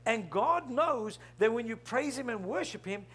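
A male pastor preaching an emphatic, animated sermon, often breaking in with "hello?". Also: very high voice, normal speed, husky.

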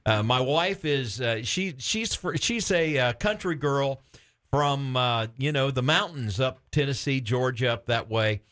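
A middle-aged man from Florida hosts a Christian radio talk show. His voice sits at a middling pitch, and he is warm-hearted in his enthusiasm, laughing often and stumbling over his words as he gets excited. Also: measured pace. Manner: upbeat, enthusiastic, frequent laughs and restarts.

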